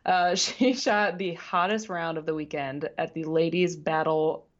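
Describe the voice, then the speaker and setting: A woman with a low-sitting voice and fairly even intonation speaks unhurriedly in a muffled recording. She co-hosts a radio show, chatting casually about sports, laughing often and sometimes stumbling over names.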